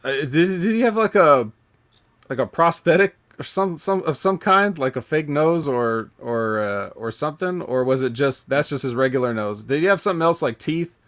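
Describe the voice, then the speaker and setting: A man hosting a casual podcast, talking in a rambling, halting way with many fillers and restarts. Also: a little high, lively intonation, a bit bright. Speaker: podcast host.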